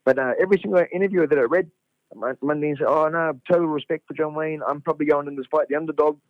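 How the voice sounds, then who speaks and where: A middle-aged Australian man, a fighter guest, telling a story in a casual, animated way, laughing and swearing freely. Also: fairly high pitch, fast, no echo. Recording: dull lo-fi radio sound.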